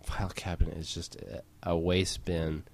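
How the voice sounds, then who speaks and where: A man's voice: low-pitched, little pitch movement, normal speed, creaky, slight background noise. A young man in casual chat, joking loosely with stumbling restarts and swearing.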